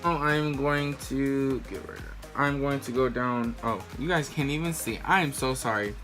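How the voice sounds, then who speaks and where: A man's voice: mid-range voice, normal speed, music in the background. A man talking casually through a makeup tutorial, chatty and slangy, explaining each step while he works. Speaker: makeup vlogger.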